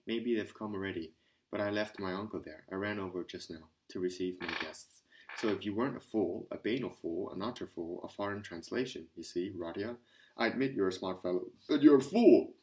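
A man voicing a hearty, impatient young man who lectures and scolds loudly. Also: sits low, a little fast, lightly acted. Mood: scolding. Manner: blustering, hectoring.

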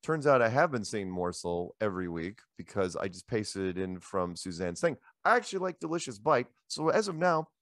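Animated man host, low dry voice. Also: moderate pace, few pauses, dry recording. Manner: animated, rambling anecdotes with repeated "he goes". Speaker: show host. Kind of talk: casual storytelling chat. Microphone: handheld microphone.

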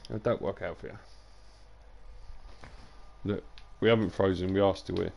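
A young man with a low, gravelly voice rambles casually to his live stream audience. He is tired and talks loose and sweary between bits of gameplay. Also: steady tone, moderate pace, darkish tone, lo-fi sound. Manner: loose, sweary banter to chat, drifting into sing-song and whispers. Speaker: game streamer.

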